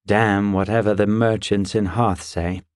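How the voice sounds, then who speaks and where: A man voicing a brooding young warrior in an audiobook, in a low, subdued, weighed-down tone. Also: fairly even intonation, measured pace, darkish tone, no room sound, studio quality, close to an everyday voice. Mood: wry. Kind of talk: audiobook character voice.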